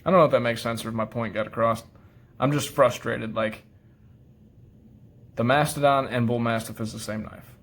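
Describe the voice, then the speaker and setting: A frustrated man delivers a profanity-laced rant straight to camera. He rambles, trips over his words, and circles back. Now and then he softens into apologetic asides. His voice sits at an ordinary middle pitch. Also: steady tone, normal speed, long pauses. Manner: self-deprecating, apologetic asides. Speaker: knife collector vlogger. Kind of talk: casual ranting monologue.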